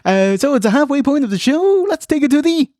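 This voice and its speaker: An Irish man co-hosts a review show, dry and sarcastic, often chuckling at his own remarks. His voice sits fairly high, and the sound is close and dry. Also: sing-song, fairly quick, a little mellow, no room sound. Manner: wry, sarcastic, laughs between lines. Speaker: podcast co-host. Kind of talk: casual review chat.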